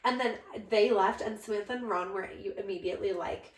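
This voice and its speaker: A young adult woman co-hosting a podcast, telling a story in a casual, animated way and jumping up high when she quotes herself. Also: a little fast. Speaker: podcast co-host, bride. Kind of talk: casual chat. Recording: echoey room.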